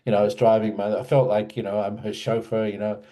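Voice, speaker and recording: Low, mellow-voiced man telling a story. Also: little pitch movement, fast. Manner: hesitant, many restarts and fillers. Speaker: interviewee recalling memories. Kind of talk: casual storytelling.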